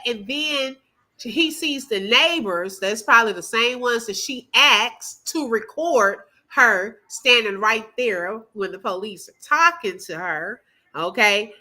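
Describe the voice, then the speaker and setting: A bright, fairly high-voiced woman hosts a reaction video. She comments with skeptical, animated energy and keeps calling out to her viewers in a loose, chatty way. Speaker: reaction channel host.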